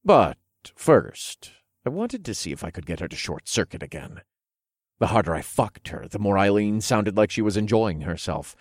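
Man, first-person erotic narration, lowish pitch, hushed and unhurried, dry close recording. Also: very animated, no room sound. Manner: low, hushed, unhurried storytelling.

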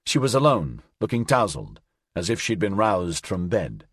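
Male audiobook narrator, husky, low-pitched, lively delivery, dry close recording. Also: normal speed, no room sound. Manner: expressive storytelling.

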